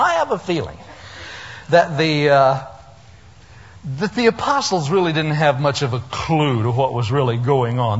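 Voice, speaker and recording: Animated preacher in a dull, echoing hall. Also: male voice, fairly high pitch, slightly rough. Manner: animated storytelling, acting out voices with humor. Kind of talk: sermon.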